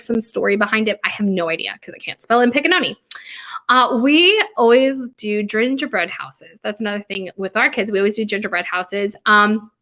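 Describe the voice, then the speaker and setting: A woman in her thirties, a bakery owner, chatting casually about family traditions, rambling and laughing, sometimes talking quietly. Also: mid-range voice. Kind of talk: casual chat.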